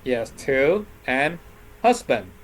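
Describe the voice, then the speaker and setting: A man's voice: mid-range voice, very animated, slow pace, fairly bright tone, a little hiss or hum. A man teaching an English lesson on word stress, patiently checking in with his class after each point. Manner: patient, constantly checks in with "right?" and "okay?".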